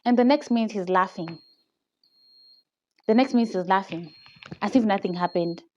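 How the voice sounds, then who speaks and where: At a normal pace, her medium, slightly mellow voice comes through dull phone-camera audio with slight background noise. The young vlogger, who has a Kenyan accent, animatedly retells a personal story, laughing often and tagging lines with "okay?".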